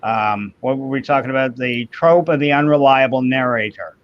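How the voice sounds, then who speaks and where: A man chatting casually on an online show, giving opinions in slow, drawn-out phrases and acting out the voices he quotes. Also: mid-range voice. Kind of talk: casual chat. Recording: dull lo-fi audio.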